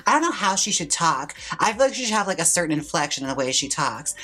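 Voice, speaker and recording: A man's voice: fairly high pitch, big pitch swings, brisk, bright, forceful tone, slightly rough, faint music behind. A young man who is a drag queen, chatting campily and theatrically while doing a makeup tutorial. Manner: chatty, campy, theatrical asides. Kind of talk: casual makeup tutorial chat.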